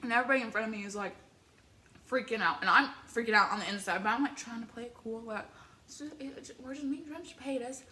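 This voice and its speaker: A young woman from the Midwest telling an excitable, rambling story with many filler words while eating on camera. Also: on the high side, fast, slight background noise. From American Midwest. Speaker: vlogger.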